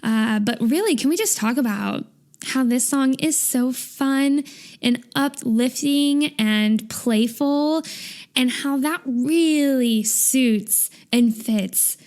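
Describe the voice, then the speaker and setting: Woman co-host, somewhat high voice, gushing and emotional in casual fan chat. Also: slow, a little mellow. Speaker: podcast co-host.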